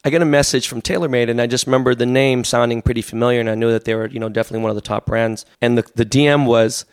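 A man's voice: medium pitch, fairly even intonation, clear, resonant tone, dry recording, studio quality. A man in his forties, a podcast guest, telling rambling stories full of fillers. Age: 40s. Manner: fast, rambling storytelling with many fillers. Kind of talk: casual podcast chat.

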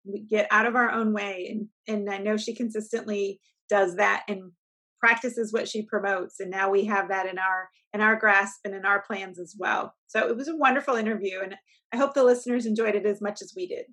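A woman's voice: medium pitch, steady tone, brisk, a bit bright. A woman co-hosting a podcast as a coach, talking in an earnest, encouraging way and often repeating words. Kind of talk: casual podcast chat.

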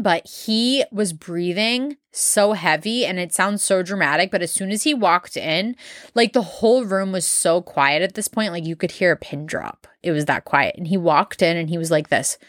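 A woman's voice: medium pitch, a bit bright, dry recording, studio quality. A young woman hosting a podcast, telling a story in casual chat, full of fillers and blunt swearing. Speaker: podcast host.

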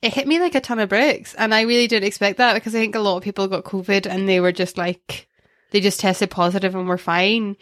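A woman's voice: medium pitch, fairly even intonation, fairly quick, fairly bright tone, no echo. Young woman, podcast co-host, chatty and self-mocking, dry close sound. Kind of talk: casual chat.

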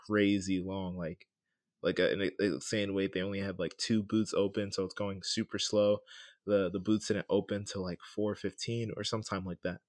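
Laid-back young man, low and dry. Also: no room sound. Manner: loose and conversational, often checks in with "right?". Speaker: podcast host. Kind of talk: casual solo storytelling.

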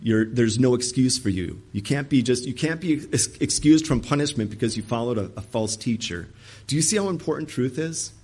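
A man's voice: mid-range voice, animated, a little fast, a little mellow, husky. A man preaching an emphatic sermon, acting out the voices he quotes. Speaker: pastor.

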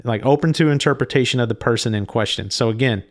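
A man telling of a spiritual experience in a slow, reflective monologue, often stopping and restarting his sentences. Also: medium pitch. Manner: halting, frequent restarts; slow, thoughtful delivery. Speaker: speaker recounting a spiritual experience.

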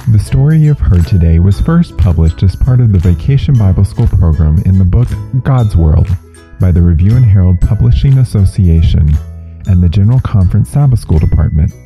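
A man with a very deep, dark voice reads a calm, even closing announcement for a podcast. Quiet guitar music plays behind him. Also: fairly quick. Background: faint guitar music.

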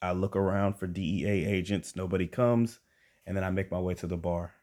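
Deep-voiced man telling a wild story. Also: fairly quick. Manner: animated, conversational, addresses listeners directly. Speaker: storyteller and podcast host. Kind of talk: comic personal storytelling.

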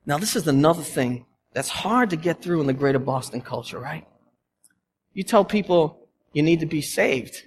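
Brief: male pastor, 30s, storytelling sermon voice, slightly high, long church echo with faint hiss. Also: normal speed. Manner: animated, storytelling with lively asides. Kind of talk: conversational sermon. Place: church sanctuary. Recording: long church reverb, faint background noise.

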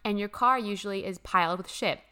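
Bright, gushing young woman. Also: mid-range voice, a little fast, smooth. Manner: gushing, emphatic, swears casually, laughs often. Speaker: spiritual vlogger. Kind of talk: casual spiritual storytelling.

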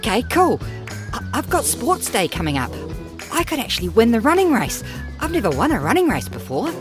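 A woman voicing a shy, excitable young boy in a children's story, stammering a little, high and lively. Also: a little fast, over music. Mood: eager. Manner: hesitant, stammering. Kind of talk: storybook voice acting.

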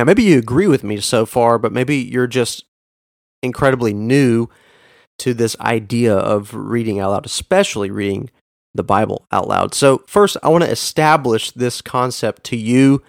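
Speaking straight to the listener, an earnest man hosting a podcast teaches emphatically, stressing important words with big leaps in pitch. His mid-register voice is gravelly and sounds dry and close, with virtually no room sound or echo.

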